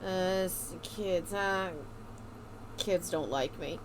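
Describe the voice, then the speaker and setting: A woman reading a gruff, awkward yakuza man. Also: on the low side, very slow, a little hiss or hum, pitched below the performer's own voice.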